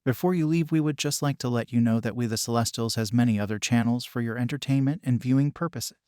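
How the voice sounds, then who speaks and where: Male narrator for a fan story, steady even reading, mid-pitched, dry close sound. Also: fast talker, clean tone, no room sound.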